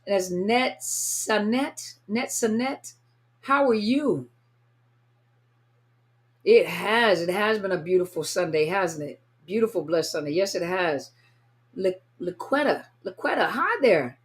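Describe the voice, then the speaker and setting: A woman's voice: lowish voice, lively intonation, unhurried. A woman hosting a casual live stream, greeting viewers one by one and sounding a little tired. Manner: warm, chatty, reads viewer names aloud. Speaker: livestream host greeting viewers. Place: at home, California.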